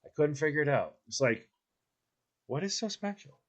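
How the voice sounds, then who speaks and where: A man telling funny stories in casual chat, animated and laughing, acting out what people said. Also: on the high side, moderate pace. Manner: animated, laughing, acts out quotes in funny voices. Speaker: podcast host.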